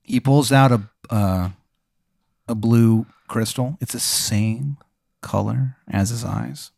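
A man improvising a comic hypothetical story, rambling and animated with lots of fillers. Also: mid-range voice, slow pace, gravelly, no echo, studio quality. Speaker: podcast host narrating a hypothetical.

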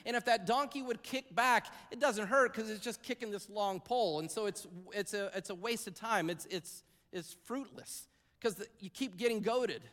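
Male pastor, high voice, conversational sermon, long church-hall reverb. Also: normal speed, a bit bright. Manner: conversational preaching with asides and repetitions. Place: church sanctuary.

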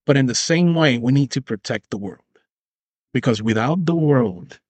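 Male podcast host, 30s, middle pitch, casual and profane, riffs and does bits, dry close mic. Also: animated, normal speed, darkish tone, slightly rough, no echo. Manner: profane, rambling, acts out imagined dialogues. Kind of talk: casual solo commentary.

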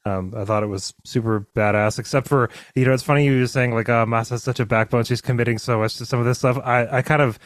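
A podcast co-host talks about a book in a casual discussion, rambling with many fillers and restarts and breaking into animated character impressions. His medium-pitched voice moves fast with hardly any pauses, in clean studio sound with no room sound.

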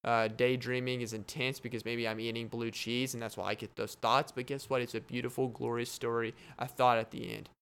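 A man's voice: mid-range voice, little pitch movement, fairly quick, few pauses, a bit bright, clear, resonant tone. A man hosting his own podcast, rambling through a daydream story with frequent laughs. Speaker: podcast host. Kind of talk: solo podcast monologue.

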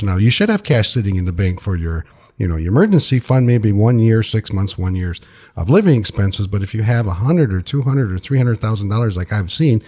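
A man's voice: lowish voice, lively intonation, a little fast, warm tone. A man who is a financial advisor, talking in a plainspoken, conversational way as a guest on a radio talk show. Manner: plainspoken, conversational, uses folksy sayings.

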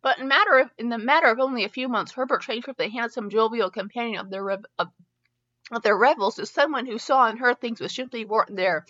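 Bright-voiced woman reading fanfiction aloud. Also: a little high, quick pace, dull audio. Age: middle-aged. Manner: stumbles and restarts often, chatty asides. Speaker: fanfiction reader and podcast host. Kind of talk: reading a story aloud with asides.

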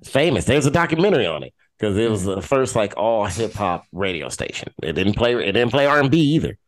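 A man's voice: on the low side, sing-song, a little fast. Laughing, cussing man in casual chat. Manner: laughing, profane, emphatic.

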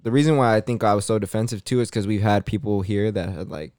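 Low-voiced laid-back slangy man. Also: fast, a little mellow, no echo, clean studio sound. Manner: laid-back storytelling, heavy slang and swearing. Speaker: podcast co-host. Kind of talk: casual chat.

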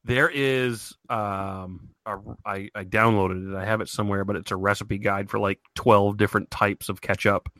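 A man's voice: lowish voice, steady tone, moderate pace, few pauses, bright, forceful tone, no room sound. A man co-hosting a podcast in casual, rambling chat, full of fillers and restarts. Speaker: podcast co-host.

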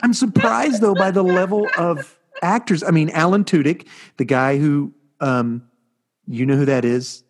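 A middle-aged man co-hosting a casual chat podcast, telling stories in an animated, rambling way. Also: on the high side, unhurried. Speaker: podcast co-host.

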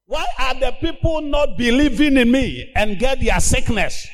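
A man preaching with a notably high voice and a slow, drawn-out pace. He delivers an emphatic sermon as pastor, rising into loud shouted commands in bursts. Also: lively intonation, in a large hall.

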